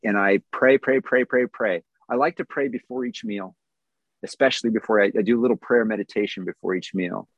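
Husky earnest man sharing his recovery. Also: on the low side, fast, no room sound, lo-fi sound. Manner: earnest, candid, with small self-deprecating laughs. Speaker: recovery meeting speaker. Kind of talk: personal testimony answering questions.

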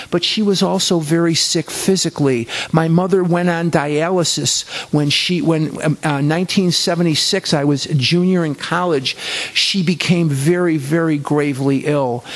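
A man telling his life story in an earnest way, repeating phrases for emphasis. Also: on the high side. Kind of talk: personal storytelling talk.

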